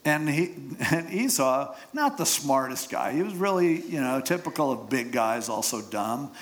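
A man's voice: mid-range voice, expressive, normal speed, a little hiss or hum. A man preaching, retelling scripture with casual humor and jokes. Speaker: pastor. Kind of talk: sermon.

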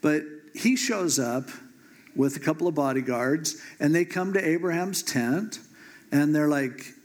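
A man's voice: a little high, measured pace. A man preaching a sermon, retelling a Bible story in a casual, joking way.

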